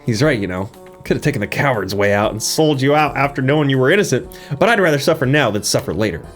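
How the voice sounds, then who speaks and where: A man's voice: medium pitch, lively intonation, quick pace, faint music behind, pitched below the performer's own voice, lightly acted. A man voicing a blunt, loyal male companion in a game playthrough. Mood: resolute.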